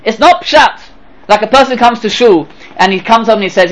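A man teaching a Torah lesson in an animated way. He throws out rhetorical questions and acts out short exchanges, his voice swinging from low to high. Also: brisk, rough recording. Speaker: rabbi. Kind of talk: Torah lecture.

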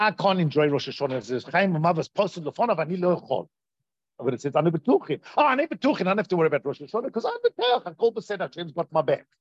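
A man teaching a Torah class in a lively way, acting out quoted voices and asking his listeners questions, on a dull lo-fi recording. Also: high voice, no echo.

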